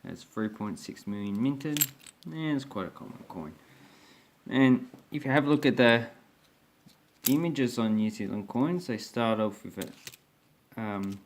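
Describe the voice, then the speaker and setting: A man's voice: mid-range voice, animated, unhurried, pauses often, slight background noise. A man hosting a coin collecting video, thinking aloud as he grades and values each coin. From Australia. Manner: thinks aloud while grading coins. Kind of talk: casual coin review narration.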